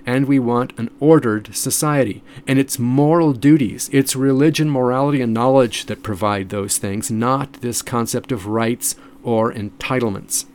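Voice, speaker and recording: A man's voice: medium pitch, moderate pace, hardly any pauses, a little mellow, a little hiss or hum. A man giving an emphatic, lecture-style commentary, repeating points and restarting phrases.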